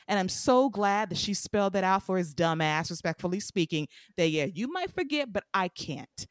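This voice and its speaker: A woman co-hosting a podcast, casually recapping a TV show in a blunt, animated way and acting out the lines she quotes. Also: medium pitch, moderate pace, hardly any pauses, dry recording, clean studio sound. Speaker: podcast co-host.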